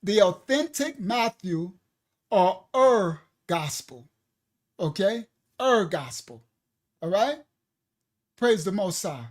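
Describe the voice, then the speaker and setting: A woman teaching scripture on a livestream, animated and joking, with slangy asides and a loud, forceful delivery. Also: medium pitch, slow, pauses often. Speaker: ministry teacher.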